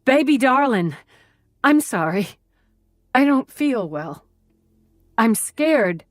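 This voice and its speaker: A woman voicing a frightened young captive woman who speaks in a halting, pleading way. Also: on the high side, very animated, no room sound, studio quality, soft background music, pitched above the performer's own voice.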